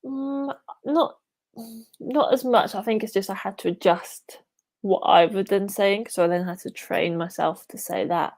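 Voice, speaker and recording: Creaky-voiced English woman. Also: mid-range voice, a little slow, a little mellow. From England. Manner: chatty, many fillers like "yeah" and "like". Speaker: podcast guest. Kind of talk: casual interview chat.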